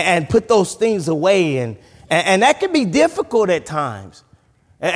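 A man preaching a sermon as pastor, animated, often restarting his sentences. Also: sits high. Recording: long reverb from a large hall.

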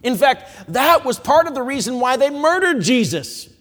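High-pitched preaching man in a reverberant hall. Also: very animated, normal speed. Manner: impassioned preaching, rising to shouts. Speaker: evangelist. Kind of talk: sermon.

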